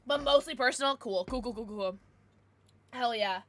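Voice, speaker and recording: A young adult woman streamer chatting casually with her viewers, with excited outbursts. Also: on the high side, moderate pace, dry recording. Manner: chatty, answers viewers, bursts of excited squeals. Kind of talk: casual live-stream chat.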